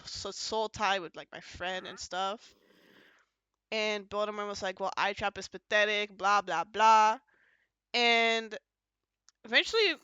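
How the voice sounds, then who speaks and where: Podcast host, casual rambling storyteller, bright crisp tone, dry close sound. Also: medium pitch, dry recording, low-quality recording. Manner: rambling, filler-heavy storytelling that jumps between points; acts out quoted lines in shifting voices. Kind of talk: casual podcast recap of a roleplay event.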